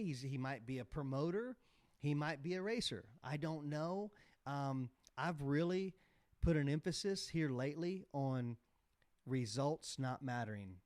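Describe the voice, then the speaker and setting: A man in his forties, a podcast guest telling candid stories in casual interview talk and growing animated as he recalls events. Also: mid-range voice, dry recording. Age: 40s. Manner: candid storytelling, animated when retelling a scene. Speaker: podcast guest, motocross team owner.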